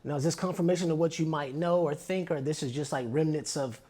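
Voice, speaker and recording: A man hosting a podcast interview with a husky, mellow voice that talks at a quick clip. He mostly gives short reactions and asks brief follow-up questions. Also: on the high side, fairly even intonation. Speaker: podcast host.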